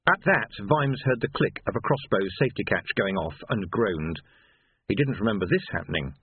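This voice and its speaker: Male audiobook narrator, wry measured reading, husky voice, lively pitch, tinny dry sound. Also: dry recording. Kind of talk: scripted narration.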